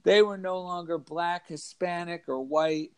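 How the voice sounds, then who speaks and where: A man telling an animated story in a casual chat, acting out the voices of kids and of himself. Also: high-pitched, unhurried, clean tone. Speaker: author and guest.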